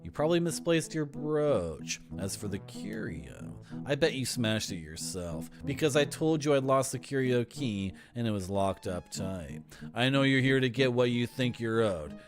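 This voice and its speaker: Gruff, dismissive man, low and clipped, read by a male streamer. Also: very animated, normal speed, soft background music, lightly acted. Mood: curt. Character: gruff man at his limit, curt.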